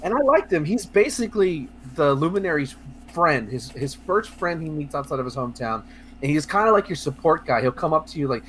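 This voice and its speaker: A man co-hosting a casual video game podcast, talking in a rambling, excitable way with lots of fillers, restarts and swearing. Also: on the high side, brisk, a little hiss or hum. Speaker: podcast co-host. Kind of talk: casual podcast chat about video games.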